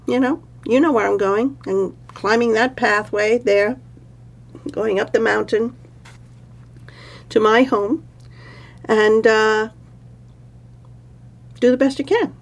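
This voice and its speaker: A woman's voice: a little high, steady tone, slow pace, gravelly, pauses often, full character voice. A woman voicing an aloof male god in a told story, speaking offhandedly. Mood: offhand.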